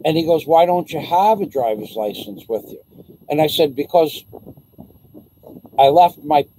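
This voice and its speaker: On a low-quality recording, a vlogger tells the camera a long personal story, loose and profane, stumbling over restarts and acting out every line of dialogue. His voice is a bit high for a man but warm and mellow.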